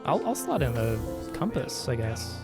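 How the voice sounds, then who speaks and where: His medium-pitched voice is creaky and swings widely in pitch, and he speaks a little slowly. He's a man streaming gameplay, joking and chatting casually with his audience and reading game dialogue aloud, with faint game music underneath.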